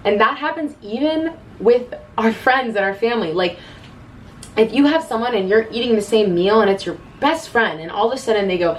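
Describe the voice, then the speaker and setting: A woman's voice: medium pitch, lively intonation, fairly quick, far from the mic, slight background noise, poor audio. A woman in her twenties giving casual self-love advice to camera, earnest and chatty, often quoting her own inner voice.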